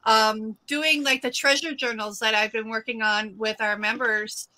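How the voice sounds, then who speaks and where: A woman's voice: on the high side, fairly even intonation, unhurried, pushed and bright, poor audio. A woman in her forties hosting a casual livestream chat, rambling with many fillers and restarts. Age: 40s. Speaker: livestream host.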